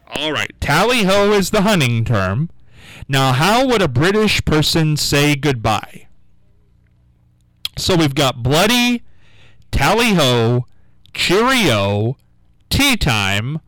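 A man hosting a call-in radio quiz show, coaxing callers with repeated questions and reading out the phone number slowly. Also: fairly high pitch, fairly bright tone, dry recording, poor audio. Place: radio studio.

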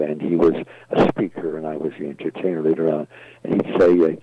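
A man's voice: a bass voice, level tone, fairly quick, warm tone, husky, no room sound. An older man, a guest entertainer, telling rambling stories in an interview with many fillers and restarts, in a dull, dry, lo-fi recording. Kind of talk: interview storytelling.

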